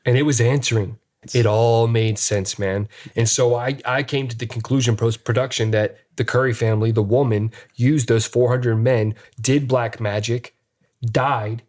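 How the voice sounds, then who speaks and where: A man, a paranormal investigator, casually retelling an investigation with animated re-enacted dialogue. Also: mid-range voice, normal speed. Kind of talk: casual storytelling.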